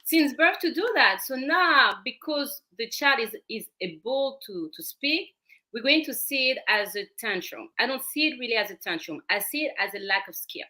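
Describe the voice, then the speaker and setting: A woman's voice: fairly high pitch, expressive, moderate pace, bright, forceful tone. A woman with a French accent, a parenting coach explaining her approach as a guest on a talk show, earnest and repeating words as she searches for them.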